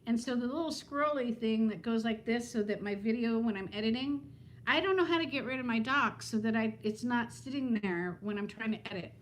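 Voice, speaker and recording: A woman's voice: a little high, a little fast, a little hiss or hum. A woman in her fifties chatting casually on a live stream from home, talking to viewers by name and laughing often. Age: 50s. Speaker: vlogger hosting a live stream.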